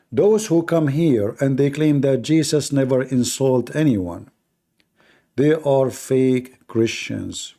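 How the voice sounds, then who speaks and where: A man's voice: medium pitch, dark tone. A male livestream debate host who talks in a mocking, combative way, with sarcastic jabs and broken, non-native grammar. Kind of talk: combative live debate talk.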